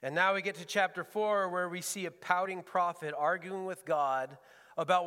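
A man's voice: high-pitched, fairly even intonation, moderate pace, pushed and bright, clear, resonant tone, in a large hall. A man preaching as a pastor, earnest and often repeating words as he searches for the phrasing. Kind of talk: sermon. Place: church sanctuary.

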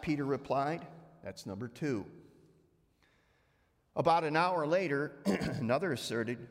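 A man's voice: a little high, lively intonation, unhurried. A male pastor preaching a sermon, retelling scripture conversationally with frequent restarts. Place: church sanctuary. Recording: long church hall reverb.

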